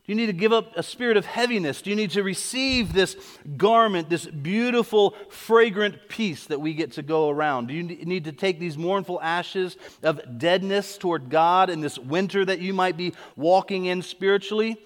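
A pastor with a high voice preaches at a normal speed in a church sanctuary, the recording echoing like a hall. He drives his points home with repeated questions and calls for people to come forward.

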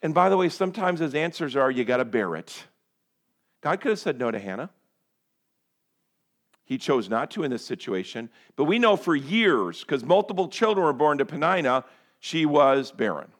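A man delivering a sermon with a fairly high-pitched voice. He swings from forceful, raised lines down to hushed, near-whispered ones, and voices prayers as if speaking them himself. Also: big pitch swings, normal speed. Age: adult parent. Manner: earnest, swings from loud to hushed, acts out prayers. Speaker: pastor.

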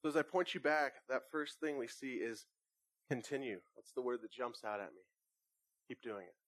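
A man, a pastor with young children, preaching a conversational sermon and telling lively family stories. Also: mid-range voice, moderate pace, no echo. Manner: conversational preaching with animated anecdotes.

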